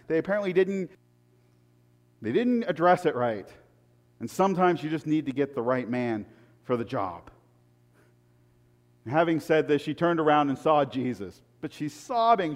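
Dynamic preacher in a reverberant hall. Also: male voice. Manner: dynamic, swinging from loud emphatic peaks to hushed low asides; conversational and humorous, with repeated words. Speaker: pastor. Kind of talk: sermon.

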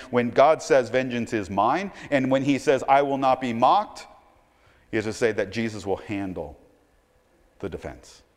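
Male pastor, dynamic sermon delivery, mid-pitched, long church reverb. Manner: dynamic preaching, swings from loud emphatic to quiet and low; repeats words when starting sentences.

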